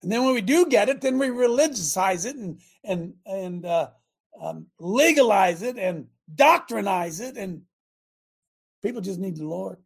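An older man hosting a talk radio show, delivering a fiery, repetitive preachy rant that rises to shouts. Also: high-pitched, animated, unhurried, vocal fry, husky.

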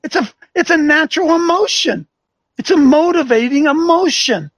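A man's voice: extremely high pitch, animated, normal speed, a bit bright, no echo. A man hosting a talk show as a coach, delivering combative, preachy commentary full of rhetorical questions. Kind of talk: fiery commentary with a call-in feel.

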